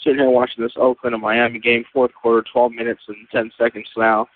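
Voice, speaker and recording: A man's voice: mid-range voice, level tone, quick pace, dry recording. A first-time caller from Sacramento, a man venting with frustration and curses to a sports talk show. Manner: frustrated, swearing, repeats himself. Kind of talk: angry fan call-in rant. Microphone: phone. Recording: tinny phone line with faint noise.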